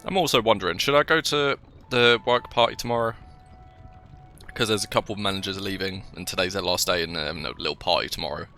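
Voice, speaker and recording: Soft background music plays under a young man's deep, bright, forceful voice as he talks fast through a casual let's-play for his gaming channel. He has a cold, coughs a little, and rambles while speaking to the game itself.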